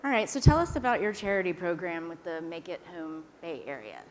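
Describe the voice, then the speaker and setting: A woman interviewer who asks short questions and gives brief, friendly prompts. Her voice is a little low. There is faint ambient noise behind her. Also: lively intonation, fairly quick, low-quality recording. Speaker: interviewer, magazine editor.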